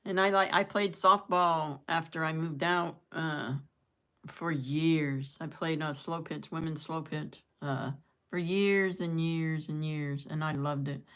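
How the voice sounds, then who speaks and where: A woman's voice: sits low, steady tone, slow pace, a bit bright, smooth. An older woman rambling in casual chat with her viewers, laughing at her own jokes as she goes. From southern United States. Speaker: live-stream host chatting with viewers.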